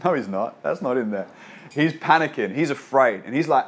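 A man's voice: medium pitch, expressive, normal speed, breathy edge. A man preaching a sermon as a pastor, reading scripture and then talking in a casual, joking, conversational way.

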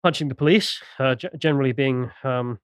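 A man co-hosting a political podcast, presenting a news item in a quick, sardonic way and reading out posts with asides. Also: medium pitch, clean tone, no room sound, studio quality. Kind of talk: casual political podcast chat.

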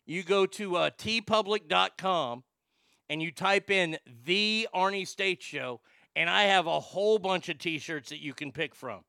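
Crude comedy host guy, gravelly and bright, stammers and swears a lot, dry close sound. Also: high voice, a little slow, no echo. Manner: excitable, profane, rambling, stammering restarts. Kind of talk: crude comedic rant and prank call.

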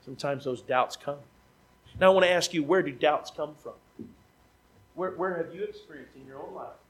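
A man preaching as a traveling evangelist, emphatic and given to repeating key phrases, moving between loud pleading questions and quiet conversational asides. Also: fairly high pitch, noisy background. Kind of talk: sermon.

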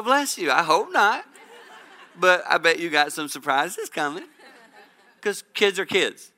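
Middle-aged male speaker, storytelling talk: very bright, smooth tone, slightly high pitch, animated and jokey. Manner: animated, laughing, jokey, spirited delivery. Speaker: speaker at a women's church gathering. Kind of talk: humorous storytelling talk to a live audience.

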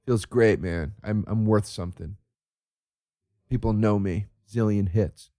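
A dim, self-satisfied young viral-video maker, as a comedian puts him on, drawling his big plans in a lowered, quieter voice. The recording is dry and close, with no room sound. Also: measured pace, dry recording, close to an everyday voice. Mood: smug.

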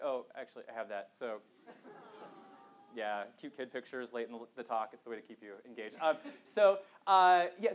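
Chatty male lecturer, joking with audience. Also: high-pitched. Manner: conversational, self-deprecating, with many fillers. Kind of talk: public lecture to a live audience.

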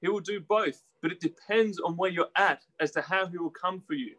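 A man preaching a sermon in a conversational, animated way, putting questions to his listeners and acting out the voices he quotes. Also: normal speed, low-quality recording. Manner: animated, acts out quoted voices with rising pitch.

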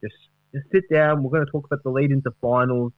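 A man doing a calm placating Aussie host. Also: mid-range voice, quick pace, dry recording, narrow, tinny audio, natural voice. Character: calm middle-aged male media host, placating.

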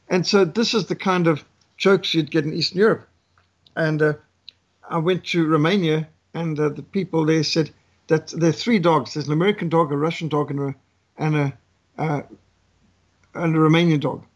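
A man's voice: a little high, steady tone, moderate pace, dull audio. A man speaking as a guest who lectures with anecdotes and jokes, in an emphatic, repetitive, preacher-like cadence.

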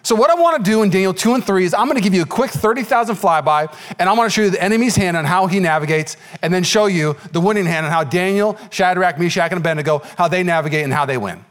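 Pastor, male, high voice; animated sermon storyteller who acts out characters. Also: fast talker, few pauses.

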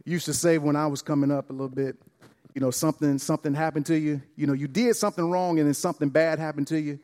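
A man pastor preaching a sermon, acting out dialogue with lively emphasis and repeated words. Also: on the high side, fast talker. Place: church sanctuary. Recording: long church reverb.

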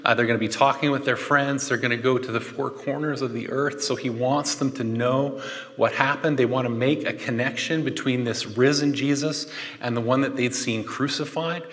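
A man preaching a conversational sermon, animated and chatty, with joking asides. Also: medium pitch, moderate pace. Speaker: pastor. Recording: long hall reverb.

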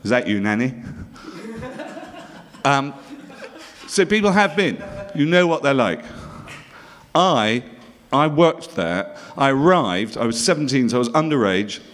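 Wry British comic with a lively voice. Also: male voice, medium pitch, measured pace, a little hiss or hum. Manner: dry, self-mocking, wry asides to the audience. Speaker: comedian. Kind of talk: stand-up storytelling.

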